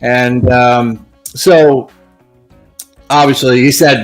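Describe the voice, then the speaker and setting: A man's voice: medium pitch, moderate pace, darkish tone. Male guest, thoughtful and explanatory, faint music behind. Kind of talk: casual discussion.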